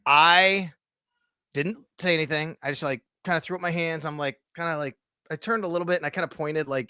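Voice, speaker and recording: Man telling a sports story, bright voice. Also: a little high, fairly quick, clear, resonant tone, no echo, clean studio sound. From Western New York. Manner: storytelling, animated retelling. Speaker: podcast host. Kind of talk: casual sports talk.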